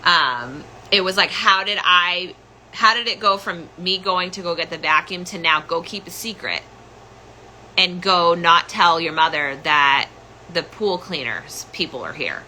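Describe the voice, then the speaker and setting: A woman's voice: on the low side, unhurried, sharp tone, a little hiss or hum, rough recording. A young woman hosting a podcast, telling a personal story in a rambling, casual way full of "like" and "um". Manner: rambling, filler-heavy, full of "like" and "um". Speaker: podcast host.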